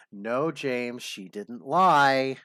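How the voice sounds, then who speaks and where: Slow, sarcastic male stream host. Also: mid-range voice, a bit bright, dry recording, studio quality. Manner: sarcastic, drags out the name at line ends. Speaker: stream host reacting to videos. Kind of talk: mocking commentary.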